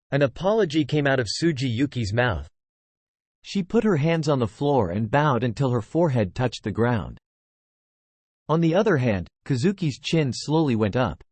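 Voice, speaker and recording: A man narrating a web novel in a plain, steady reading. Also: mid-range voice, normal speed, no room sound. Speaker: audiobook narrator.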